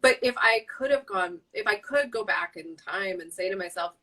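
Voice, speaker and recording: Middle-aged woman guest, thoughtful and halting; bright tone, picked up from a distance. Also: mid-range voice, lively intonation. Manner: reflective, halting, self-correcting. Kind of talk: casual live-stream chat. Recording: distant mic.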